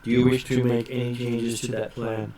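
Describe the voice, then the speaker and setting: A man acting as game master in a tabletop session, halting often with ums and uhs as he explains the rules. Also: medium pitch, level tone, mellow.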